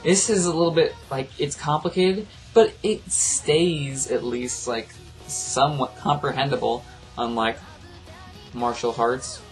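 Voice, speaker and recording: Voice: mid-range voice, measured pace, soft background music. An anime reviewer ranting casually in a rambling, profane, exasperated way.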